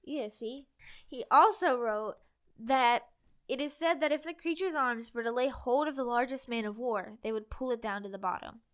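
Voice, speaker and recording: A young woman with a fairly high, smooth, clear voice chats casually with a friend. She reads long passages aloud, filling the gaps with "like" and pressing on when interrupted. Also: moderate pace. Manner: chatty, lots of "like", insistent when reading. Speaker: co-host.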